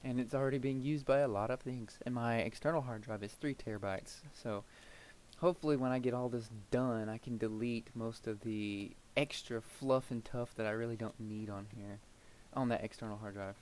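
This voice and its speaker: Building in-game, the young man keeps up a wandering, casual chatter at normal speed, mumbling his thoughts and drifting into soft murmurs. His mid-range voice stays fairly even; the audio is poor with slight background noise.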